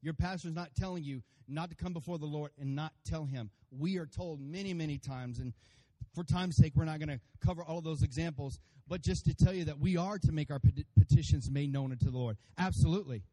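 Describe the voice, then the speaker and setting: A pastor preaching a sermon to his congregation, animated and playful, acting out voices and calling for amens. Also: a little high, fairly quick, few pauses. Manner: animated, acts out funny voices for God and congregants; addresses congregation by name, calls for amens.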